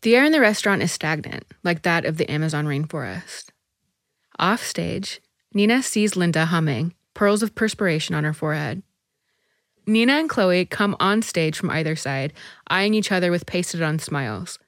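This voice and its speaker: Woman narrator, story reading, lowish voice, dry close sound, measured. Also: animated, no room sound.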